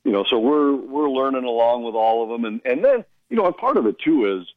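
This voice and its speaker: A hockey broadcaster chats on the radio and tells an anecdote with amused, animated energy. His voice sits at a middling pitch. It comes through dry and a little muffled. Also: brisk, no echo. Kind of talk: casual radio chat.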